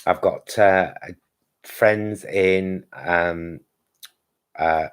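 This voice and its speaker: A man co-hosting a live stream in easygoing casual chat, often pausing on fillers. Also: low voice, fairly even intonation, clear, resonant tone.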